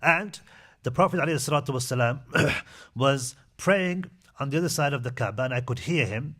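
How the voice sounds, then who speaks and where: A man's voice: medium pitch, animated, a little fast, a bit bright. A man giving a mosque lecture, retelling history in a conversational storytelling manner with frequent fillers. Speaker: imam giving a talk.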